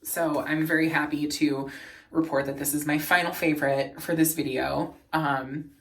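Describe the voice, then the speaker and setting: A man vlogging in a casual, earnest and emotional way, laughing softly as he talks. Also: fairly high pitch, level tone, moderate pace, distant mic. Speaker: beauty and lifestyle vlogger. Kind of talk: casual chat.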